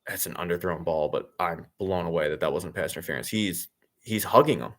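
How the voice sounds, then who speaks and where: A man's voice: low voice, a little fast, fairly bright tone. A man hosting a watch-along, reacting to the game live with sarcastic, exasperated and profane commentary that rambles with fillers and restarts.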